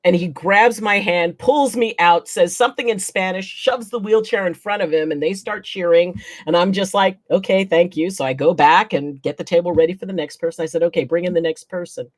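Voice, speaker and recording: Lively woman telling stories, slightly low voice. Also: brisk, hardly any pauses, no room sound. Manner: animated, acts out quotes, laughs often. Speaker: guest chiropractor. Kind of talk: casual storytelling chat.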